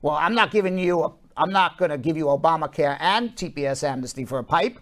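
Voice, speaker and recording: A man voicing a president who flatly turns down a trade, barely changing his own voice. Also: on the high side, fast. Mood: firm. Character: firm male president refusing a trade.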